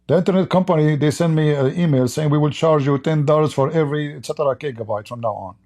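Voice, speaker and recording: Gravelly, dark-voiced man losing his voice. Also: a little high. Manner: reads quoted passages slowly, then comments with mockery. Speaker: live stream host. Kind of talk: livestreamed religious debate commentary.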